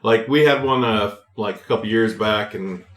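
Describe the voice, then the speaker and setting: Young man, animated profane storyteller, low voice, roomy echo. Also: normal speed. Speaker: podcast host. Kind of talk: casual chat.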